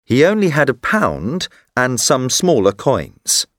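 Slow, clear male storybook narrator. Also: medium pitch, wildly swooping pitch, fairly bright tone, no echo, studio quality. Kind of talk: scripted narration of a graded reader story.

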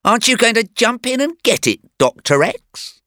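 A man voicing a brave young male hero in a raised, energetic voice. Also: very high voice, moderate pace, no room sound, clean studio sound, voice pushed up, full character voice. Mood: eager. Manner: energetic, exclaiming delivery.

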